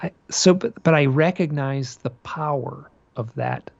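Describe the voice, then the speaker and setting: Gravelly-voiced male guest, husky, dry and slightly dull remote audio, a rambling storyteller. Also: medium pitch, measured pace, no echo. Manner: rambling, animated storyteller with many restarts. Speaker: guest author and researcher. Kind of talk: casual storytelling interview.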